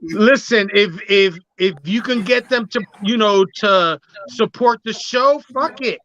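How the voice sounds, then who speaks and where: A man co-hosting a casual sports podcast with quick jokey reactions. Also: high-pitched, pushed and bright, highs cut off. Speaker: podcast co-host.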